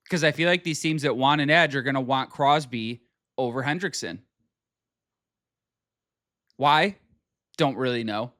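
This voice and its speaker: A man's voice: medium pitch, pushed and bright, no echo, studio quality. A man giving blunt, opinionated sports commentary in casual chat, repeating himself for emphasis and swearing freely.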